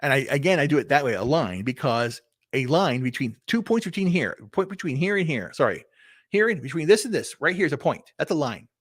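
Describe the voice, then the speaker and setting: With a fairly high, sing-song voice and a fairly quick pace, a man in his fifties vlogs alone on a livestream, wandering through his thoughts with restarts, repeated words and casual cursing. The sound is clean studio audio with no room sound.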